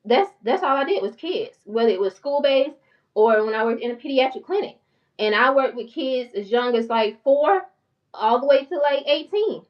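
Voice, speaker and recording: A woman in her forties with a thick country North Carolina accent chats with her viewers at a quick, excitable pace, her tone passionate and raised in pitch. She sits a little back from the microphone. The recording sounds muffled and slightly distant. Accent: Southern US, North Carolina country. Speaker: channel host and therapist. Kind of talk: casual vlog talk to viewers.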